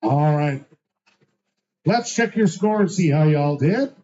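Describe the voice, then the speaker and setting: A man's voice: a little high, lively intonation, slow pace, dark tone. A man hosting a live trivia night, reading out answers with a teasing, sarcastic manner. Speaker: trivia host. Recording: dull lo-fi sound.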